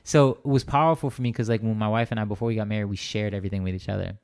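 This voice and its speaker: Low gravelly man sharing a testimony. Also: fairly even intonation, racing, darkish tone, dry recording, clean studio sound. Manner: earnest, rambling with many restarts and "right?" tags. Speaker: interview guest. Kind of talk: conversational testimony.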